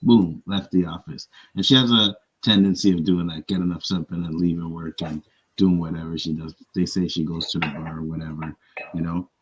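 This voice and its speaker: A man on a talk show panel, telling a workplace story in casual chat, animated and profane. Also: sits low, a little fast, breathy edge, lo-fi sound. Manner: animated storyteller, profane, acts out others' lines.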